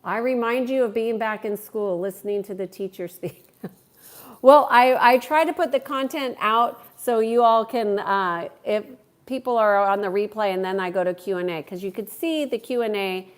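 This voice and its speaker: A woman's voice: mid-range voice, normal speed. A woman hosting a live stream, chatting with viewers and answering their questions in a friendly, talkative way. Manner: warm, chatty, greets viewers by name. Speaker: livestream host and coach.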